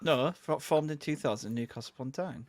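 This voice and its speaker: A man's voice: fairly high pitch, brisk. A man in a casual podcast chat, hesitant and repeating words as he searches for them.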